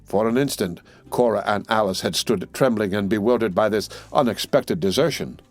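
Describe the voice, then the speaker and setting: A man reading a classic adventure novel aloud as an audiobook narrator, in a steady, measured way. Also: lowish voice, faint music behind. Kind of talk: scripted narration.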